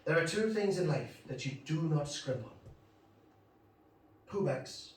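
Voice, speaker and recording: A man's voice: on the high side, expressive, measured pace, heavy reverb, far from the mic, a little hiss or hum. A man putting on an Irish accent to play a pushy male pet shop owner giving blunt advice. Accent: Irish, put on.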